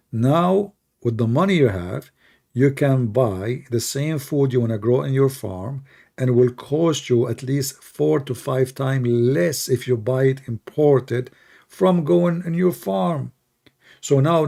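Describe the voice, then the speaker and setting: A man with a gravelly, creaky voice and a dark, mellow tone talks his way through a livestream. He rambles in casual commentary with lots of fillers. His asides turn sarcastic and mocking. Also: mid-range voice. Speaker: livestream host.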